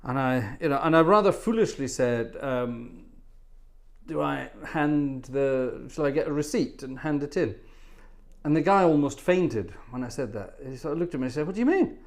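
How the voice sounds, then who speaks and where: A man's voice: medium pitch, moderate pace. A man from Scotland, hosting an organ livestream, chatting casually and telling anecdotes while reading viewer comments.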